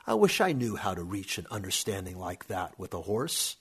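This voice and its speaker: A man's voice: sits low, sing-song, normal speed, slightly rough, exaggerated voice. A man voicing a curious small boy who asks eager questions.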